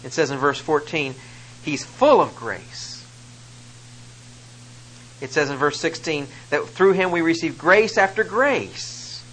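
A man's voice: a little high, takes it slowly, pauses often, fairly bright tone, slight background noise, rough recording. A man preaching a sermon, reading scripture and explaining it with rising emphasis on key phrases. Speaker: pastor.

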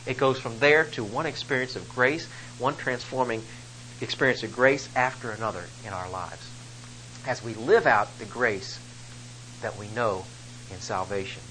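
A man's voice: mid-range voice, moderate pace, sharp tone, slight background noise, low-quality recording. A man preaching a sermon, reading scripture and explaining it with rising emphasis on key phrases. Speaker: pastor.

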